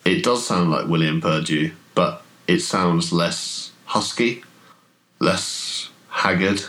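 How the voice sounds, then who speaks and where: A man running a tabletop horror game as game master, telling the scene in a relaxed, hesitant way with many fillers. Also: sits low, slow. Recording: podcast audio.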